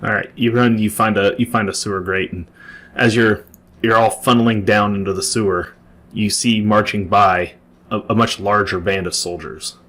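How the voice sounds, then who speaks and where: A man's voice: on the low side, steady tone, normal speed, fairly bright tone. A man narrating a tabletop game as game master, describing scenes at length with frequent restarts.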